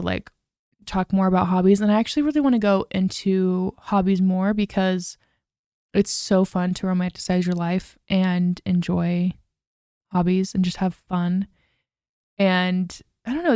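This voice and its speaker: A woman's voice: medium pitch, darkish tone, no room sound, clean studio sound. A young woman hosting a casual solo podcast, chatty and full of "like" and "literally". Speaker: podcast host.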